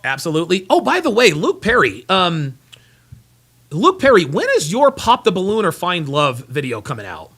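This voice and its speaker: The man reading super chats on his casual livestream sounds tired, yawning, rambling and repeating himself while hunting for files. His high-pitched voice swoops wildly, fairly bright with a breathy edge, at normal speed.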